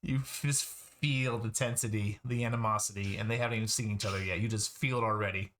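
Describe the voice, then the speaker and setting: A man's voice: lowish voice, fairly even intonation, fast, fairly bright tone, slight background noise. A man running a tabletop game as game master, laughing often and thinking aloud as he checks his notes.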